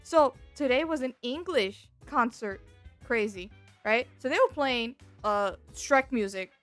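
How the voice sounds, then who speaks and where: A young woman streamer telling a story in a casual chat, animated and exasperated, full of fillers and restarts. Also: on the high side, a little slow, soft background music. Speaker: VTuber streamer.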